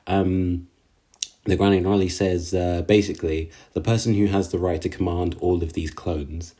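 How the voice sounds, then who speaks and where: A man casually recapping an anime episode, halting with lots of fillers and slangy asides. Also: sits low, flat delivery, dark tone. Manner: halting, filler-heavy, slangy, laughs at own jokes.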